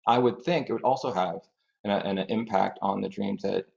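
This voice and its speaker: Male expert guest, thoughtful explainer, low gravelly voice on muffled audio. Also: moderate pace, a little mellow. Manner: thoughtful, explains through examples. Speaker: grief dream researcher, guest. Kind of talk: podcast interview, explaining. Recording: dull lo-fi audio.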